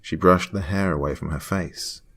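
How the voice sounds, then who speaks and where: A man with a very deep, husky voice narrates a first-person horror tale, hushed and sometimes sinking into a whisper. Faint music plays underneath. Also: moderate pace.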